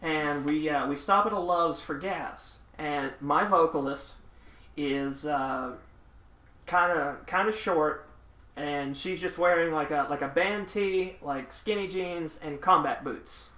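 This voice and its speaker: A man hosting a podcast, telling road stories in a lively way and acting out the people in them. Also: on the high side, slow pace. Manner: animated, laughing raconteur who acts out the people in his stories. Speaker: podcast host. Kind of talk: casual storytelling chat. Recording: echoey room.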